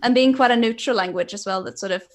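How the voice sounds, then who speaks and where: A woman's voice: fairly high pitch, quick pace. A young woman from Sweden, a native Swedish speaker, co-hosting a casual chat in English, chatty with easy laughs and trailing restarts. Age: young adult. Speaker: podcast co-host.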